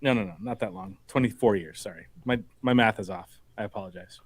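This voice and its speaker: A man co-hosting a podcast chats in a relaxed, self-mocking way. His voice is fairly low and the sound is dry and close. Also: a little fast, no room sound. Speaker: podcast co-host. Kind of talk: casual chat.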